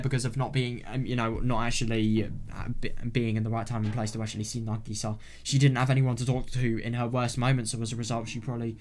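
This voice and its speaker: A man hosting a let's play, reacting out loud to a visual novel with repeated exclamations and some swearing, and trailing off into fillers when he thinks aloud. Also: fairly low pitch. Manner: halting with fillers and restarts when he talks things through.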